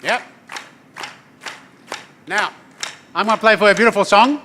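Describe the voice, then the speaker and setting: A man, telling stories and teaching didgeridoo to a live audience in a lively, joking way, checking in with the crowd. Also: high voice, a little slow, slight background noise. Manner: lively, joking, addresses the crowd with "yeah?" tags. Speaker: didgeridoo performer. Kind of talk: storytelling performance to an audience. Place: event venue with an audience.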